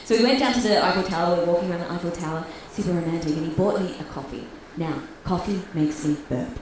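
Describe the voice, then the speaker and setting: Australian woman comic, brash and animated, echoey room, heard from a distance, laughing crowd behind. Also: lowish voice, fast, background noise. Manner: brash, animated storytelling with acted-out quotes. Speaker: stand-up comedian. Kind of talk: stand-up comedy set. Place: comedy club stage. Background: audience laughter.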